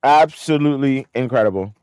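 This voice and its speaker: A man's voice: mid-range voice, fairly quick, darkish tone, clear, resonant tone, no echo, studio quality. A man narrating his own trading live, swearing and repeating himself in disbelief at the numbers. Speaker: options trader.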